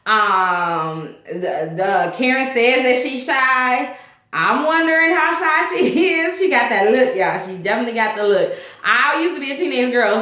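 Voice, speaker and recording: Sassy bright-voiced woman vlogger. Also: on the high side, reverberant. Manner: sassy and candid, addresses viewers as "y'all". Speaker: vlogger reviewing a reality show episode. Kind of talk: casual chatty recap.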